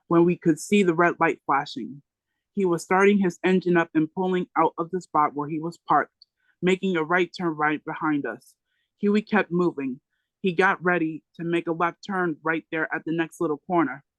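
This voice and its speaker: A book club reader reading a memoir aloud in a plain, steady way, now and then stopping to correct a word. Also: mid-range voice, no room sound, rough recording.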